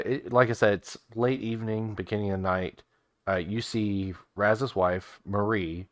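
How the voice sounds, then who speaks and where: Male game master, low voice, dry close sound, casual narration with restarts. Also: fairly bright tone, dry recording. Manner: casual, halting with fillers and restarts.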